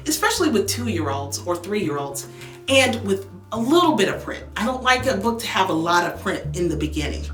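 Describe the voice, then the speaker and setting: Lively speech therapist woman coaching parents. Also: medium pitch, roomy sound. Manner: upbeat, coaching, demonstrates with lively exaggerated tones. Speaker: speech language pathologist. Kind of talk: instructional talk to parents.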